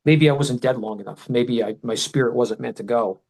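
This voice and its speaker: A middle-aged man, a podcast guest, telling an emotional personal story in a rambling way, full of restarts and loudly quoted shouting. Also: medium pitch, fairly quick, slightly rough, poor audio.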